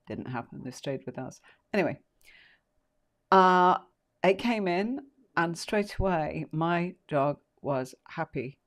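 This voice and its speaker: A woman's voice: low voice, lively intonation, measured pace. A woman teaching tarot on a casual live stream, chatty and rambling, full of fillers and asides.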